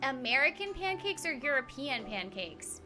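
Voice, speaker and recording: High, bubbly streamer woman, lively pitch. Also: normal speed. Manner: bubbly and giggly, chatting with her viewers; playful and self-teasing. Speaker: voice actor streaming a game. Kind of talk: casual live-stream chat. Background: game music.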